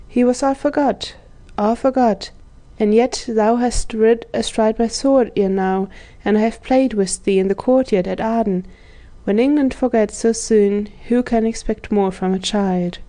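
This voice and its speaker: A woman reading the part of a proud, courtly old gentleman prisoner in a storybook, speaking in old-fashioned formal phrases. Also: on the high side, steady tone, measured pace, lightly acted. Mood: wistful. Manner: archaic courtly speech.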